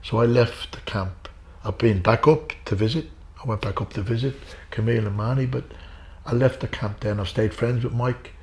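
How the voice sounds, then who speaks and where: At a moderate pace and in a slightly mellow, medium-pitched voice, a middle-aged man from Ireland who used to box shares emotional stories with an interviewer. He speaks earnestly, calls the host by name and keeps repeating points to stress them.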